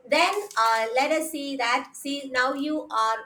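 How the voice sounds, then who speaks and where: Lady teaching an online class, high voice, slow and careful, keeps repeating stuff and asking right?. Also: sharp tone, rough recording. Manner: methodical, repeats points, checks in with "right?". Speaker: lecturer. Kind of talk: online lecture.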